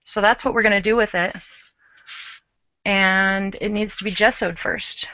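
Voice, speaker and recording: A woman's voice: mid-range voice, fairly even intonation, measured pace, bright, forceful tone, dry recording, highs cut off. A woman co-hosting a live craft show, chatting casually and explaining her work as she goes, with a self-mocking humor.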